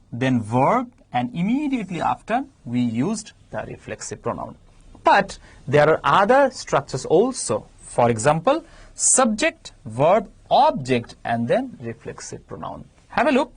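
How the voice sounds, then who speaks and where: A woman with a Bangladeshi English accent teaching grammar in a televised class, explaining patiently and stressing key words with sudden leaps in pitch. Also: very animated, measured pace, slightly rough.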